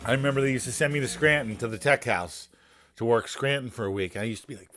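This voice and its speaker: A man's voice: medium pitch, fast talker, fairly bright tone, soft background music. A man, a poker streamer telling long rambling stories in casual, profane chat.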